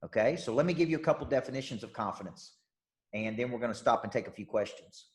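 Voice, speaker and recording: Over an online call, a life and business coach with a Southern US drawl runs an intense, upbeat motivational session at a quick pace. His animated, darkish voice sits in an ordinary middle register, and he drives points home by repeating them, constantly asking "okay?" and "right?"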